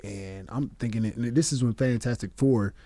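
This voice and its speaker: A man's voice: mid-range voice, moderate pace, no echo. Man telling a profane story. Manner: animated, profane anecdote telling with quoted voices. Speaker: comedian guest. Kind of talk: casual storytelling. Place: podcast studio.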